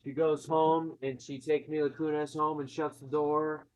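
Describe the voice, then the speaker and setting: A man's voice: fairly high pitch, normal speed, rough recording. Man casually recapping a movie, swearing. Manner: swearing, animated retelling with quoted voices.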